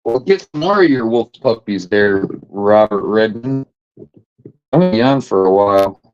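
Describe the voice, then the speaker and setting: A man's voice: on the low side, lively intonation, normal speed, a little mellow, clear, resonant tone. A man hosting a casual livestream, rambling and swearing, teasing his chat in a lazy sing-song. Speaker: livestream host. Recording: dull lo-fi stream audio.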